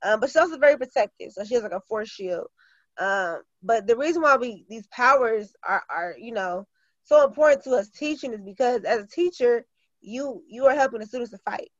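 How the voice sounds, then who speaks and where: Earnest woman teacher, slightly high voice. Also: animated, brisk, dry recording, lo-fi sound. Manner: earnest, many fillers and restarts. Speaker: teacher and author. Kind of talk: casual interview talk.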